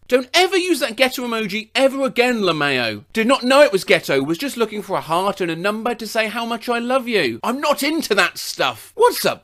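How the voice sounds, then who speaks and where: A man hosting a comedy video, reading funny texts and posts aloud with a deadpan delivery and sudden jumps in pitch and loudness.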